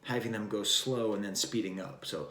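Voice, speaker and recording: A man's voice: fairly low pitch, normal speed, pushed and bright, a little hiss or hum. A man hosting a casual album review, talking in a rambling, wry way and drifting between thoughts with plenty of fillers. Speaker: record review host. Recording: roomy echo.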